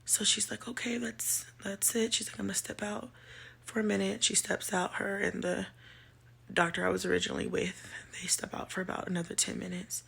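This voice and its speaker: A woman vlogger telling a personal story to her viewers, halting with many pauses and fillers, shaken and emotional. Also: medium pitch, level tone, vocal fry, a bit bright, slightly rough.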